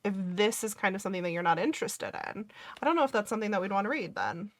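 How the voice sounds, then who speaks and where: A woman's voice: mid-range voice, lively intonation, rapid-fire, no echo. A woman co-hosting a podcast, chatting casually about a book with playful, emphatic asides. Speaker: podcast co-host. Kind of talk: casual book-club chat.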